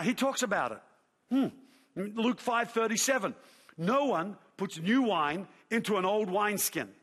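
A middle-aged man, a pastor telling a lively story in a sermon, acting out his own shouts and quotes. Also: high voice, slightly rough. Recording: long hall reverb.

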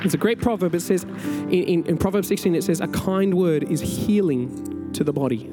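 A man preaching a conversational, energetic sermon as pastor. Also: high voice, normal speed. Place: church sanctuary. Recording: large hall with long reverb, faint music.

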